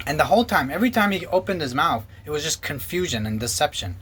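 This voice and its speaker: A former pastor giving an earnest personal testimony and acting out past conversations in quoted dialogue. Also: male voice, on the high side, sing-song, quick pace, a bit bright, slight background noise.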